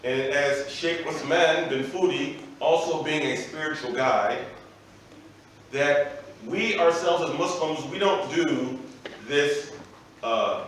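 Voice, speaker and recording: A man's voice: a little high, takes it slowly, a bit bright. A man, an imam, giving an emphatic, explanatory religious lecture to a live audience and often checking in with "right?". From United States. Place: festival venue with an audience. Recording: very echoey room, voice from far off, faint noise.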